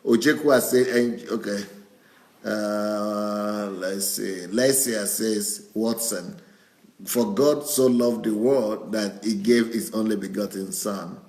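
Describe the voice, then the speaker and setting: A male pastor with a low voice reads viewer comments aloud. He chuckles often as he goes. The recording has a roomy echo. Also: steady tone, takes it slowly, darkish tone. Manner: chuckles often while reading.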